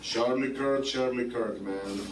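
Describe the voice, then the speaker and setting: A man's voice: mid-range voice, a little slow, far from the mic. A man doing a stand-up set at a bar open mic, rambling and swearing, filling lines with "like" and "man". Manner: profane, rambling, repeats "man" and "like". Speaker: stand-up comedian. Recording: roomy bar from afar, crowd noise.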